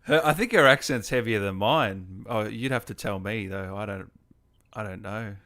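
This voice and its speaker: A man's voice: on the low side, moderate pace, sharp tone. Australian man hosting a video-call interview. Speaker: interview host. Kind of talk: casual interview chat.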